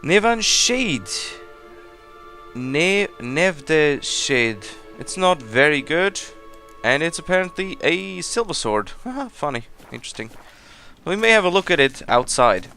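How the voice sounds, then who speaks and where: Male gameplay commentator, bright and a touch high, chatty and self-mocking, soft game music behind. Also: sing-song, unhurried. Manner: chatty, rambling, laughs at himself. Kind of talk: casual let's play commentary.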